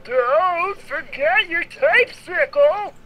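A performer voicing a crudely drawn talking cupcake in a game, speaking in a halting, nonsensical way. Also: very high voice, expressive, sharp tone, a little hiss or hum, exaggerated voice. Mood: deadpan.

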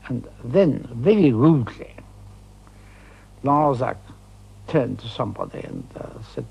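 Older male veteran, gravelly and husky, halting storyteller full of ums. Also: medium pitch, lively intonation, dark tone, low-quality recording. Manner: hesitant anecdotal storytelling with many fillers. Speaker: veteran interviewee. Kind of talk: archival interview recollection.

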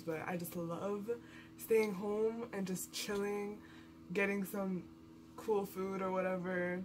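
A woman's voice: mid-range voice, background noise. A young woman chatting casually in an anime reaction video, gushing and filling her talk with likes and ums. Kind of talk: casual reaction and review chat.

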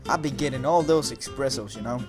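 A man's voice: medium pitch, a little fast. A man from Denmark with a Danish accent, chatting casually during an online game, laid-back and laughing often. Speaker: gamer on voice chat. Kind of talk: casual gaming voice chat. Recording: voice chat over game music.

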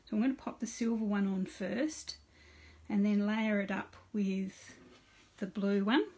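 Husky woman demonstrating crafts. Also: mid-range voice, fairly even intonation, unhurried, darkish tone. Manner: chatty, greets viewers by name, narrates each step aloud. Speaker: card-making host on a live stream. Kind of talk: casual live craft demonstration.

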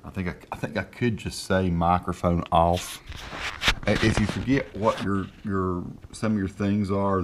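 A man's voice: deep voice, slight background noise. A man with a Southern accent hosting a casual tech tutorial at his home desk, speaking into a handheld mic held close, folksy and rambling. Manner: folksy and rambling, dictates slowly and deliberately. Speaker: tech video host. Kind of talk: casual screen-recorded tutorial. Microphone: handheld microphone held close.

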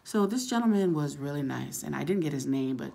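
A woman's voice: low voice, lively intonation, brisk, gravelly, mellow. A woman vlogger telling a story casually, rambling with lots of fillers.

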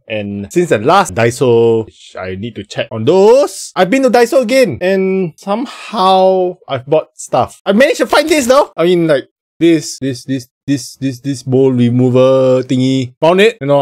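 Giggly Singaporean-accented man, lively pitch. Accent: Singaporean English. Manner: giggly, rambling, self-mocking. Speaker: vlogger. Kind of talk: casual haul vlog. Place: home, then a small bathroom.

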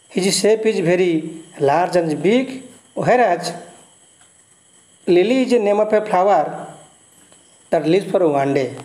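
A man's voice: sits high, mellow. A male teacher with an Indian English accent, reading a poem aloud and explaining it line by line, repeating key words and glossing their meanings. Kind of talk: explaining a poem in a recorded lesson. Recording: echoey room.

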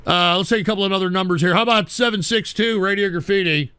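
A man's voice: high voice, quick pace, pushed and bright, clear, resonant tone, no room sound, studio quality. A man hosting a call-in show, ranting at callers with profane, insulting mockery. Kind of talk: abrasive call-in radio rant.

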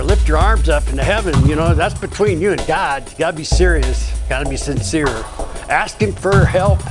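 Earnest man telling his faith testimony. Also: on the high side. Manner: earnest, rambling, many "you know" fillers. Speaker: ministry speaker.

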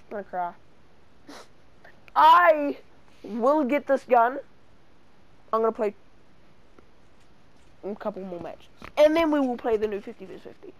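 A gaming channel host giving live gameplay commentary, excitable, who yelps and pleads whenever danger comes close. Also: mid-range voice, brisk, long pauses, slight background noise.

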